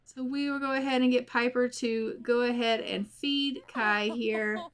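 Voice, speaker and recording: A woman's voice: a little high, steady tone, measured pace. A young woman hosting a video game let's play, narrating the story in a chatty way. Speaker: gaming video host.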